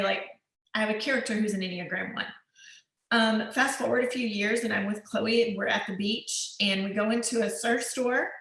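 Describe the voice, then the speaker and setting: A woman with a fairly high voice gives a loose, rambling workshop talk, stopping to correct herself and laughing lightly along the way. The room around her is echoey. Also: fairly bright tone. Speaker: workshop speaker on screenwriting.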